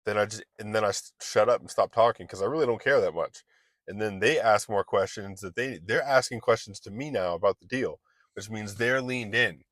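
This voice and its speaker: Speaking briskly in a lowish, slightly bright voice with no echo, a man gives an informal motivational talk as an online business coach. He chats loosely, keeps restarting his sentences, and dramatizes brief back-and-forths.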